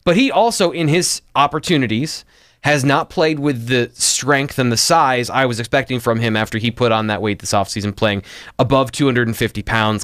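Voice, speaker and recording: A man's voice: mid-range voice, fairly bright tone, no room sound, clean studio sound. A man co-hosting a sports talk show, breaking down football tactics in casual chat with frequent restarts. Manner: analytical, frequent restarts and fillers. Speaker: football analyst co-host.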